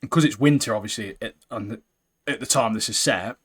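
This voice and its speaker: Animated man chatting casually. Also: on the low side, brisk, husky. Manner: animated, banter-heavy, says "mate" constantly. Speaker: podcast co-host. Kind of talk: casual anime chat.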